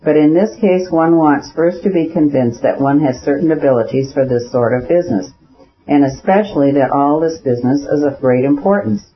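Withdrawn landowner, gentle and unwilling , read by a man; dull lo-fi audio. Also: fairly high pitch, normal speed, lightly acted. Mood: reluctant. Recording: dull lo-fi recording.

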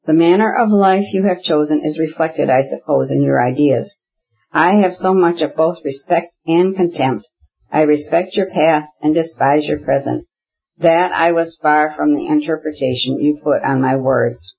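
An audiobook reader voicing a cold, sarcastic middle-aged official husband with a thin, shrill manner, reading his lines in a formal, stiff way. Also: moderate pace, breathy edge, dull audio. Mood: contemptuous.

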